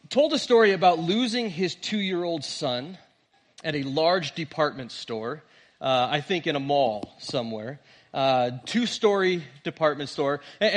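A man, a pastor giving a sermon in a church and telling stories in a conversational way. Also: on the high side. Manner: conversational, animated storytelling. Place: church sanctuary.

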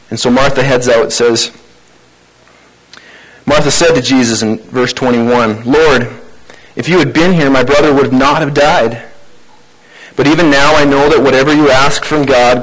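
A man's voice: mid-range voice, normal speed, fairly bright tone, rough recording. A man preaching a sermon in a conversational, informal way. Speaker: pastor.

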